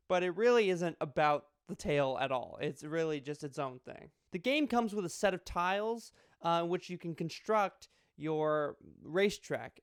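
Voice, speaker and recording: Young male board game reviewer, chatty and rambling, smooth voice. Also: a little high, no echo, studio quality. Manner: chatty, rambling with restarts and jokes. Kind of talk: casual video review.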